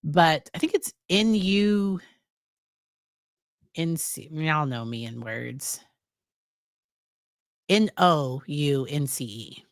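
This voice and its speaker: A woman's voice: deep voice, expressive, drawn-out words, long pauses, no room sound, studio quality. An American woman psychologist casually recapping a series, chatty, with fillers and quoted lines. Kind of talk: casual spoken review.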